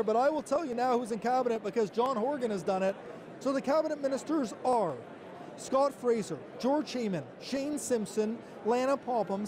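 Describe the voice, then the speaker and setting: A male reporter giving conversational live commentary at a government ceremony, reading out lists of names. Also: extremely high pitch.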